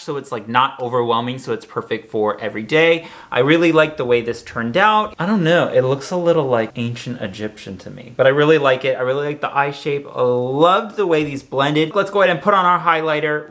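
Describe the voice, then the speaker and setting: A man's voice: fairly high pitch, bright, forceful tone. Chatty man doing makeup tutorial. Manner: chatty, sassy asides. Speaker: makeup vlogger.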